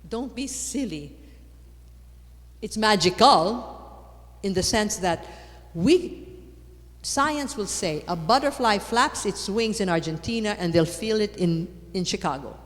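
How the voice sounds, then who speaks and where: A woman giving a lively conference talk on faith, repeating words for emphasis and rising to loud exclamations. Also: medium pitch, slow pace, pauses often. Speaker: conference speaker. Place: large conference hall. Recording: long hall reverb.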